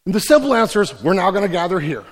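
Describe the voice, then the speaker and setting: A man's voice: high voice, big pitch swings, very fast. A man preaching a sermon as pastor, casual and joking, then building to emphatic declarations. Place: large church hall. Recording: reverberant church hall.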